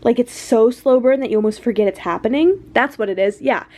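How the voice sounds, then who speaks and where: A woman's voice: fairly high pitch, fairly quick, darkish tone. A young woman vlogging about a book she is reading, gushing and flustered, talking straight into her camera and filling her sentences with "like". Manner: gushing and flustered, heavy use of "like". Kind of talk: excited casual book chat. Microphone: camera mic.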